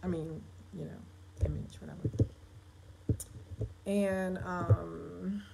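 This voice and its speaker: A woman's voice: lowish voice, fairly even intonation, drawn-out words, vocal fry, heavy background noise. A woman writer chatting on a live stream, reading her draft aloud and correcting herself as she talks straight to her viewers. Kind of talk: casual live-stream chat.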